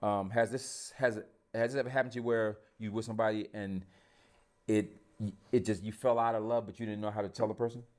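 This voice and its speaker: A man's voice: fairly low pitch, steady tone, a little fast. A man hosting a podcast, talking bluntly in casual chat with plenty of profanity. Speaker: podcast host.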